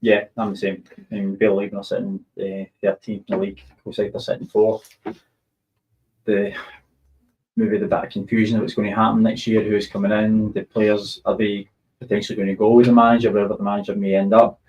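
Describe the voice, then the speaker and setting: A Scottish man with a slightly low voice, chatting as a football pundit. He thinks his predictions through aloud, weighing form and results before settling on a pick. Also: flat delivery, brisk, darkish tone, lo-fi sound, a little hiss or hum. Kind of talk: casual chat.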